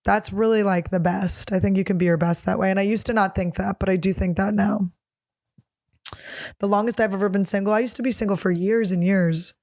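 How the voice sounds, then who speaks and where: Woman in her thirties, comedian host, casual solo chat, blunt, profane, quick to laugh, middle pitch. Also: steady tone, darkish tone. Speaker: comedian podcast host answering fan questions. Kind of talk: casual solo chat, reading questions aloud.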